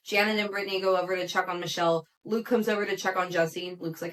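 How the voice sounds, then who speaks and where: A woman hosting a podcast, recapping a reality show in a chatty, animated way, with frequent "like" fillers and laughter. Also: mid-range voice, fairly quick, few pauses. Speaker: podcast host.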